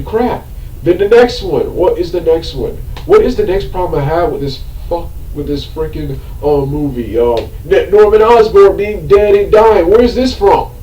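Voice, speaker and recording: This unscripted movie review rant comes from a man with a fairly high, mellow voice, recorded from a distance in a roomy, echoing space. He rambles and repeats himself, loses his train of thought, fills gaps with lots of ums and now and then bursts out in exasperation.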